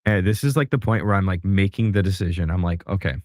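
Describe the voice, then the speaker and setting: Deep-voiced exasperated man. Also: fast talker, a little mellow, dry recording, studio quality. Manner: exasperated, sarcastic asides. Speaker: co-host reacting to a debate clip. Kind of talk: casual reaction chat.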